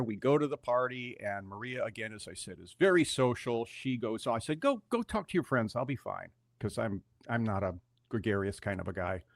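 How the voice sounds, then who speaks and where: An older male musician tells a story as a radio guest and acts out each character's lines. His voice sits at a middle pitch for a man. The studio sound is close and dry, with no echo. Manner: animated storyteller who acts out dialogue.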